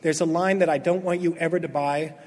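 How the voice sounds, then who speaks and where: A man gives his personal recovery testimony to a meeting in a high, lively voice. He tells it like a storyteller, acting out what people said and dropping from loud to hushed. A long reverb trails his words through the hall. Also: brisk. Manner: animated storyteller, acts out quotes, swings from loud to hushed.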